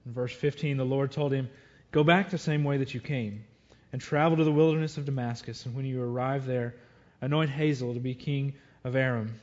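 Guy preaching a sermon, earnest, reads scripture out loud, kinda muffled lo-fi audio. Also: medium pitch, steady tone, a little fast.

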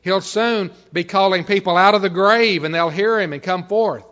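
A man preaching a sermon as a pastor, reading scripture and often dropping to a quiet, measured delivery. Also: high voice. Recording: dull, slightly lo-fi recording.

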